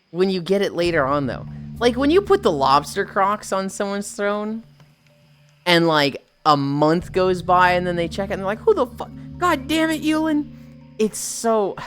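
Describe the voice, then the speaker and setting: A woman talks to her stream at home, swearing freely and joking with viewers. Her voice sits low but swings widely in pitch. Faint music plays behind her. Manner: profane, joking, reads chat aloud. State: stretching, groaning with effort. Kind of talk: casual live-stream chat. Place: at home, indoors.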